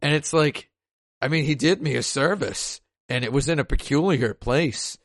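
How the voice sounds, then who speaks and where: A man's voice: fairly high pitch, moderate pace, no room sound, clean studio sound. A man co-hosting a podcast, trading jokes and wry asides in casual conversation. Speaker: podcast co-host. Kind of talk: casual chat.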